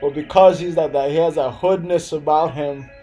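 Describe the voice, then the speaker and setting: A man's voice: on the high side, steady tone, moderate pace, warm tone, faint music behind, rough recording. Laid-back young man. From Hempstead, New York. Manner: loose, rambling, laughs often, answers chat. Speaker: live streamer. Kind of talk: casual live-stream chat.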